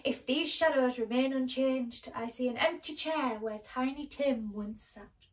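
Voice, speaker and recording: A woman's voice: sits high, a little slow, far from the mic, low-quality recording. Woman doing a grim storybook ghost. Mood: ominous. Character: grim male ghost, solemn and mocking. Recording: voice a little off-mic.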